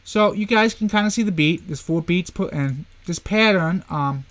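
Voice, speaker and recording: A man with a fairly high voice teaches poetry in a loose, chatty way and keeps calling his viewers "guys." When he reads lines of verse, he slows down and leans on each stressed beat. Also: fairly bright tone. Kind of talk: casual online poetry lesson.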